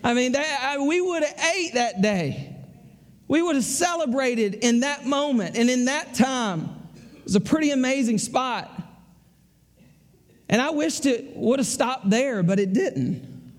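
A man's voice: very high voice, animated, measured pace, in a large hall. A man with a Southern US accent preaching a sermon in a folksy, conversational way, repeating his phrases. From American South.

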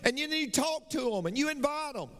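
A man's voice: very high voice, expressive, fast talker, fairly bright tone. A middle-aged man, preaching a sermon as pastor with emphatic, repetitive phrasing in a large church sanctuary. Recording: long reverb of a large church hall.

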